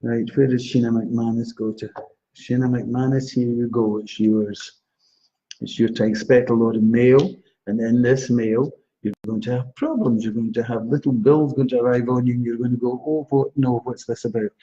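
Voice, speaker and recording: Male psychic, mellow, reassuring and chatty, dull live-stream audio. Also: mid-range voice, steady tone, normal speed. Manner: chatty, laughs often, reassuring. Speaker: psychic astrologer. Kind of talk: live-stream reading for viewers.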